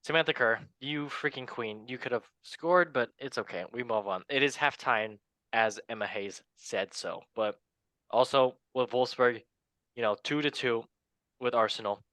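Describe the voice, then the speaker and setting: A man's voice: medium pitch, moderate pace, bright, forceful tone, no room sound, poor audio. A man hosting a casual sports podcast, upbeat and jokey with a rambling way of talking. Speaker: podcast host.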